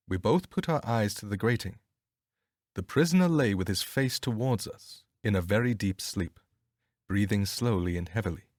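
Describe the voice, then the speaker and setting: Expressive male audiobook narrator. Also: lowish voice, no echo, studio quality. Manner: expressive, measured storytelling.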